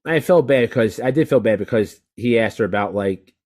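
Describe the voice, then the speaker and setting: A man co-hosting a wrestling podcast, chatting casually in an animated, rambling way with frequent swearing. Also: on the low side, a little fast. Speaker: podcast co-host. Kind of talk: casual chat.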